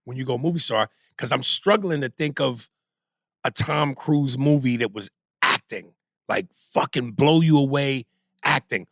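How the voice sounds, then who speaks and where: A man co-hosting a podcast in casual chat, talking in an animated, emphatic and profane way. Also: medium pitch, a little slow, no echo, studio quality. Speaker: podcast co-host.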